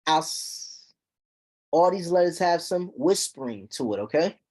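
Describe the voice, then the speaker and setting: A man teaching a recitation class, explaining terms slowly and checking on his students with repeated "okay?". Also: fairly high pitch, animated, a little mellow, slightly rough. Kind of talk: classroom lesson.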